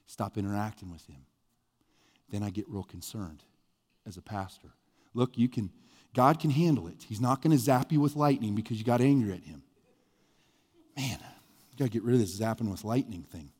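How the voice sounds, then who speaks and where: A male pastor, giving a conversational sermon with sudden bursts of emphasis. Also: big-room sound. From US Midwest. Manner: conversational, animated preaching with sudden rises in pitch and volume.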